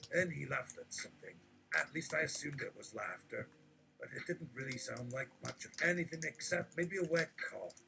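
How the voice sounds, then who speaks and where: A man reading absurd text aloud in a deadpan, mock-preachy delivery, with a gravelly voice. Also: mid-range voice, noisy background.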